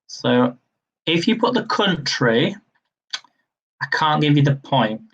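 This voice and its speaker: A young man hosting a live-streamed quiz, reading each question slowly, repeating it, and adding chatty asides. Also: a little high, animated, a bit bright, lo-fi sound. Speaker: quiz host.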